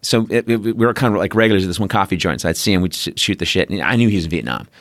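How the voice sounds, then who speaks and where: A middle-aged man hosting a podcast, chatting casually and telling animated stories, acting out quotes in different voices and swearing freely. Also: deep voice, rapid-fire, no room sound, studio quality. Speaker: podcast host. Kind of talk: casual chat.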